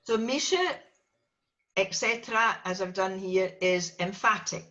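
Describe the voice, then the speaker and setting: A woman's voice: mid-range voice, a little slow, a bit bright, muffled recording. A woman teaching a small class, patiently repeating each word for students to echo. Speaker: Gaelic teacher. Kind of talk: language lesson with a small class.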